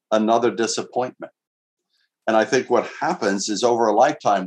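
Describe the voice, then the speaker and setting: A man preaching a sermon in an earnest, conversational way, asking his listeners rhetorical questions and reading scripture aloud. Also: lowish voice. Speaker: pastor. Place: outdoors in winter.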